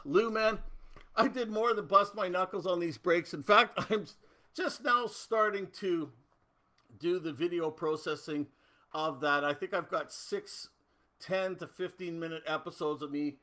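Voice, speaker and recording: Man from Canada, middle-aged, rambling livestream host, bright forceful voice, slightly high. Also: a little slow. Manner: chatty, rambling, reads out viewer comments. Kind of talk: casual livestream chat.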